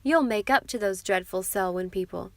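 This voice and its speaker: A woman's voice: mid-range voice, moderate pace, dry recording, lightly acted. A woman voicing a shrewd, spoiled young daughter who talks in a pert, scheming way.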